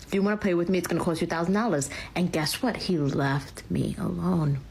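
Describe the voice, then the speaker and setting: A woman's voice: fairly low pitch, fairly quick, vocal fry, a little mellow, slight background noise. A woman telling a story to her followers in a smug, boastful way. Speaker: social media poster. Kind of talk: casual storytelling to camera.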